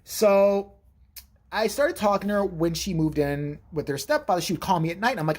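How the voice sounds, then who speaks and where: Animated, profane man telling a story. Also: sits high, moderate pace. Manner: profane, animated, jumps into quoted voices. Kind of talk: casual storytime vlog.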